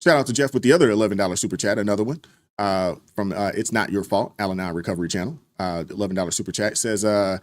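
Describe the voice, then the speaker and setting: A man's voice: on the low side, quick pace, dry recording, clean studio sound. Laid-back man reading super chats. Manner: laid-back and joking, laughs often, mock-outraged sarcasm. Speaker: livestream commentary host. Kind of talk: casual livestream chat reading super chats.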